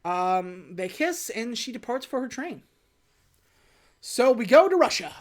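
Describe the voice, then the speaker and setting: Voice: medium pitch, sing-song, unhurried. A podcast co-host casually recapping a film plot, quoting the characters in an offhand way. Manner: retells scenes by quoting characters in a loose, offhand way.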